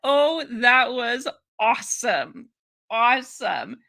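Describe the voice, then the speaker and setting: Bright-voiced woman streamer, chatty. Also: a little high, a little slow. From Ohio. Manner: chatty, laughing, animated asides. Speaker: political commentary streamer. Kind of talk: casual live commentary.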